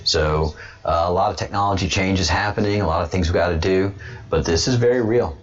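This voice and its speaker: Rambling low-voiced livestream host. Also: male voice, brisk. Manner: rambling, repeats himself, restarts a lot. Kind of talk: casual political livestream commentary. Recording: dull lo-fi webcam sound.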